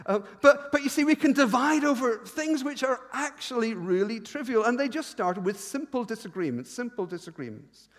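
A man with a noticeably high voice preaches to his congregation, animated and self-deprecating, often restarting his sentences. He has a noticeable regional accent. His words ring out with a long reverb through a church hall. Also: normal speed, hardly any pauses. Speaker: pastor. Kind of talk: sermon.

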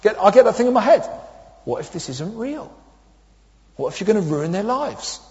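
High-voiced preacher in an echoey hall. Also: male voice, big pitch swings, moderate pace, darkish tone, highs cut off. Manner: humorous storytelling with acted quotes. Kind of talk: sermon.

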